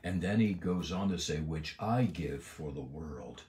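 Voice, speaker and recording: A man giving a Bible lesson, stressing key words emphatically and drawing out scripture phrases slowly. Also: rumbling low, expressive, darkish tone. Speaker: Bible teacher.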